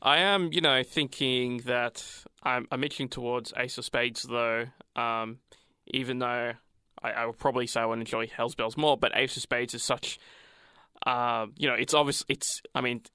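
A man's voice: mid-range voice, fairly even intonation, moderate pace, sharp tone, clean tone, no room sound, studio quality. A man, chatting about rock records on a podcast, hesitant with many ums and restarts. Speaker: podcast co-host, music fan. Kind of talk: casual music discussion.

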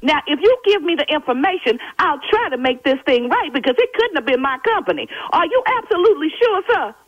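A woman with a high, lively voice answers a phone call as a bakery owner, polite but firm and saying "sir" again and again. Her voice comes through a muffled phone line, dry and close. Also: brisk, no echo. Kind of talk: phone conversation. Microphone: telephone.

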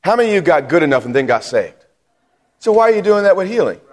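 Preaching fast in a high, darkish voice with big pitch swings, a pastor addresses his congregation from the pulpit. He is emphatic, repeating lines and asking them questions. The church sanctuary adds a long hall reverb.

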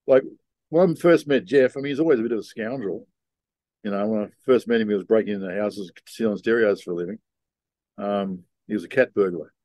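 A man's voice: fairly low pitch, brisk, darkish tone, dry recording. Laid-back man telling stories. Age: older. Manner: laid-back rambling storyteller. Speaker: guest. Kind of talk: casual storytelling interview.

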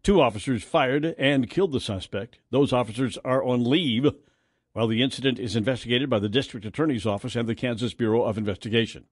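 Guy doing morning radio news, husky voice, dead dry booth. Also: mid-range voice, fairly quick, dry recording. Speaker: news anchor. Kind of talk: local radio news reading.

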